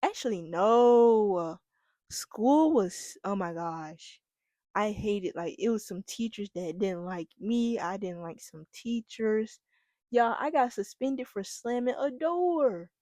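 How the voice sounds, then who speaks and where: Young female podcast host, animated storyteller, dry close mic. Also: mid-range voice, slow, no room sound. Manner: animated, laughing, addresses listeners as y'all. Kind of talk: casual storytelling monologue.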